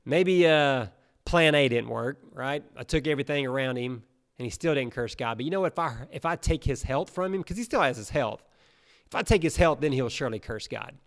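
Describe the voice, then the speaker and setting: A man's voice: mid-range voice, expressive, brisk, natural voice. A man voicing Satan as a scheming, wheedling adversary in a retold Bible story.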